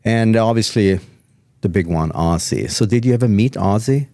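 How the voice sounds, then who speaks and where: A man's voice: lowish voice, normal speed, mellow, dry recording. A man hosting a casual chat, chatty and eager, often agreeing. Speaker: podcast host.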